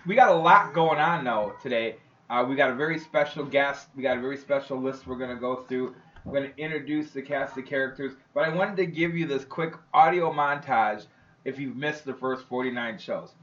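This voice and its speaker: A man's voice: medium pitch, fairly quick, a bit bright. A man hosting a casual podcast, rambling through stories and often talking over his co-hosts. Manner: rambling storyteller, talks over others. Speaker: podcast host. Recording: echoey room, dull lo-fi sound.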